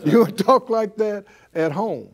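A preacher and Bible teacher delivers an emphatic, repetitive sermon, leading his congregation in spoken affirmations through call-and-response. He speaks at a moderate pace in a voice that sits high.

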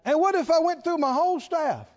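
A man preaching a sermon, animated and laughing often, drawing call-and-response from the congregation. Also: extremely high pitch, a little fast. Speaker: pastor. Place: large church hall with congregation. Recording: dull lo-fi hall recording.

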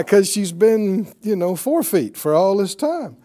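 A Bible teacher gives a broadcast lesson, animated and conversational, questioning the audience and chuckling as he teaches. The voice is mid-range and unhurried, with hardly any pauses.

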